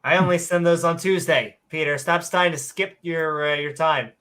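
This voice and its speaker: A woman's voice: low voice, moderate pace, fairly bright tone. A woman hosting a casual livestream chat, bubbly and rambling, laughing often. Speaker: host.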